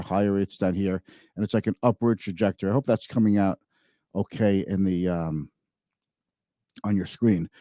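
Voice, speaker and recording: A man's voice: on the low side, dark tone, dry recording, studio quality. A man hosting a finance show, giving casual market commentary in a chatty, thinking-aloud way and often correcting himself mid-sentence.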